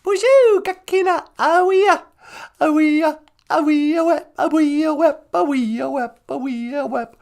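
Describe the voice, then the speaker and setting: A man voicing a chirpy woman sidekick with high, breathy, sing-song greetings, in comedic live stream banter. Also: unhurried, few pauses.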